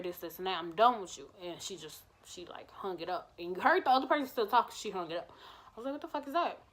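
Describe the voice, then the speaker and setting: In a medium-pitched voice, a woman vlogger relates a personal story with a casual, animated energy. She voices the dialogue as she goes and doesn't hold back on swearing.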